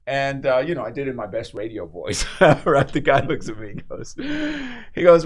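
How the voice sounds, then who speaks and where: A man who is a guest on a radio talk show, telling stories in a lively way, laughing often and acting out the people in them. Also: medium pitch, normal speed. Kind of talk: animated storytelling in a talk show.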